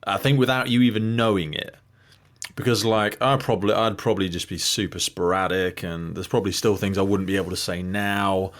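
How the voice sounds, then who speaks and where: A man's voice: sits low, steady tone, brisk. A man in his thirties from the UK hosting a podcast, asking long, thoughtful, winding questions. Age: 30s. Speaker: podcast host. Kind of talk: podcast interview.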